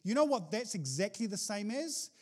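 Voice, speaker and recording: Man, pastor, sermon, high voice, animated, jokey. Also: normal speed. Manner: animated, jokey preaching with rising exclamations.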